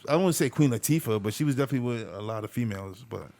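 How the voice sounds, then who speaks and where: A man's voice: medium pitch, expressive, rapid-fire, mellow. A man co-hosting a podcast in casual chat, laid-back and laughing often. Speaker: podcast co-host, DJ.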